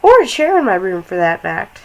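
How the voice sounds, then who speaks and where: A woman's voice: medium pitch, very animated, normal speed, vocal fry, low-quality recording. A young woman chatting casually and swearing freely as she walks through a game, talking from her bedroom while lying down. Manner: rambling, swearing, jokey. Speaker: gaming vlogger.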